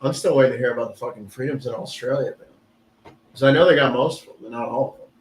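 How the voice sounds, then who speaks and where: A man's voice: medium pitch, fast talker. A man, a studio guest, joking crudely and swearing in casual chat. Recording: echoey room, faint background noise.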